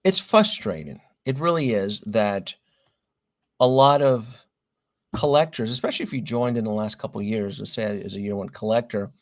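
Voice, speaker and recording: A man's voice: fairly low pitch, normal speed. A man hosting a casual livestream about collectible figures, talking in a rambling, chatty way and often apologizing to his viewers.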